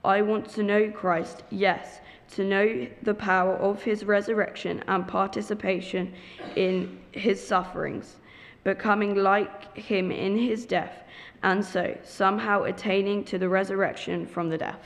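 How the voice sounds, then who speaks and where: A woman's voice: mid-range voice, flat delivery, unhurried. Woman reading scripture in a hall. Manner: careful reading with occasional stumbles. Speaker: scripture reader. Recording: long hall reverb.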